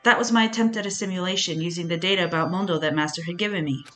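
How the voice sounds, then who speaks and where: Woman voicing shy, polite game AI, soft apologetic delivery, faint music. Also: fairly low pitch, very fast, close to an everyday voice. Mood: gentle. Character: polite gentle computer program, boyish.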